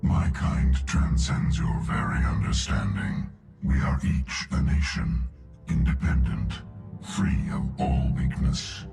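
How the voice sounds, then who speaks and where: Ancient machine overlord, extremely deep gravelly voice, heavy echo, ominous. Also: male voice, music in the background, exaggerated voice. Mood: menacing. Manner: slow, ominous pronouncements. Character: ancient menacing male machine overlord, cold and arrogant. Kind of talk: video game dialogue.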